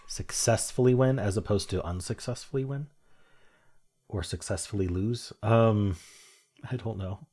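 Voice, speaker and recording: On the low side and a little slow, his dark-toned voice carries casual solo commentary. The young man is a puzzle game streamer talking through word puzzles, thinking aloud and laughing at his own jokes.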